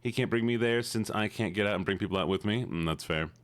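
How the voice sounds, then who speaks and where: A man's voice: fairly low pitch, quick pace, no echo. A man streaming live and chatting casually with his chat, playful, with mumbled hums between lines.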